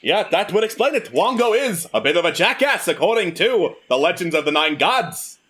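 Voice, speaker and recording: A man's voice: high-pitched, big pitch swings, normal speed, a bit bright. A man running a tabletop game as dungeon master, narrating with dry jokes.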